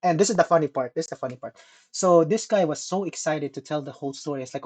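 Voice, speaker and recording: Male podcast co-host, lively storyteller who swears a lot and acts out his quotes. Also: sits high, fast talker. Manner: animated, profane, mimics people in quotes. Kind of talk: casual storytelling chat.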